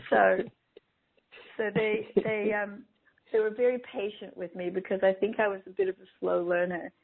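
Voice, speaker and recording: A woman's voice: mid-range voice, little pitch movement, unhurried, creaky, pauses often, slightly rough. A middle-aged woman, a guest on an interview show, telling stories in a chatty way and laughing often. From Australia. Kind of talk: casual storytelling interview. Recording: tinny phone line.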